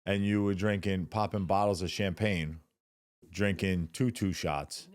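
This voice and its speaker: A man's voice: low-pitched, steady tone, a little slow. A man co-hosting a podcast, throwing in sarcastic teasing jabs during casual chat. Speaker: podcast co-host.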